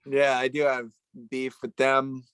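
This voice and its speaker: A man's voice: mid-range voice, completely flat delivery, a little slow, a bit bright, smooth, no echo, low-quality recording. A man chatting casually in a rambling, joking way, often searching for words. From Italian heritage. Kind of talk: casual chat.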